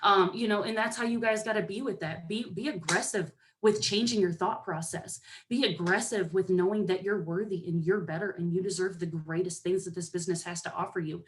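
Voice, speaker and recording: A young woman giving a lively pep talk to her team, sassy and animated, often acting out other people's voices. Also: on the low side, fairly quick, few pauses. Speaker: motivational speaker to a sales team.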